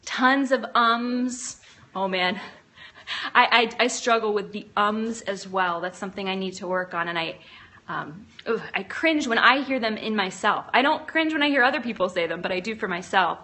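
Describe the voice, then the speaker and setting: A woman's voice: medium pitch, normal speed, pushed and bright. A woman hosting a live phone stream, chatting and encouraging viewers, reading out their comments with frequent ums and restarts. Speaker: livestream host. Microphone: phone camera.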